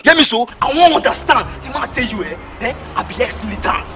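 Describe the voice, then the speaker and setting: A man's voice: extremely high pitch, sing-song, fast, bright, forceful tone, faint music behind, exaggerated voice. A Nigerian actor playing a boastful ex-militant servant who speaks Pidgin and keeps pressing his madam to tell him what is wrong. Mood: insistent. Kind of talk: film drama acting. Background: film score.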